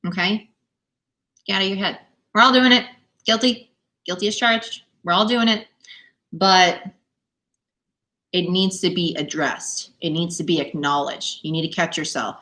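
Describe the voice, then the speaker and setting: A young adult woman reads tarot cards live for her viewers from home. She talks in an animated, encouraging way and laughs often between her points. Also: lowish voice, a little slow, pauses often. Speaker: tarot reader. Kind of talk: live-stream tarot reading. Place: home, dog nearby.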